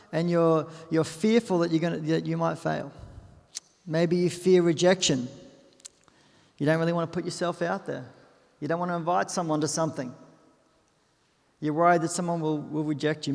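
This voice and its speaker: Young Australian male pastor, chatty storyteller, raised pitch, big-hall echo. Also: vocal fry, a little mellow. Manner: chatty storytelling with self-deprecating asides. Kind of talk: sermon. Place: church auditorium. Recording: long hall reverb.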